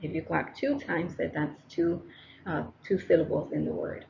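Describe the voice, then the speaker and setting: A woman's voice: sits low, steady tone, moderate pace, creaky, darkish tone, lo-fi sound, a little hiss or hum. A woman teacher talking straight to her students on a close microphone, encouraging them and repeating each step. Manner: encouraging, talks to students directly, repeats steps. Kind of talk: recorded classroom lesson narration.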